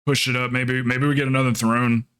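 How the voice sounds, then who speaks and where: Smooth-voiced man chatting on a livestream. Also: mid-range voice, level tone, fairly bright tone. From Southern United States. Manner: thinking aloud, chatty, halting with fillers. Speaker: livestreamer planning game runs. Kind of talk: casual livestream chat.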